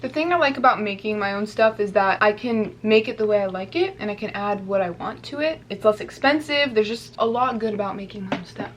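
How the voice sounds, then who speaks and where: A woman's voice: medium pitch, lively intonation, a little fast, hardly any pauses, slight background noise. A young woman vlogger chatting casually to her viewers while she eats. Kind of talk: casual mukbang chat.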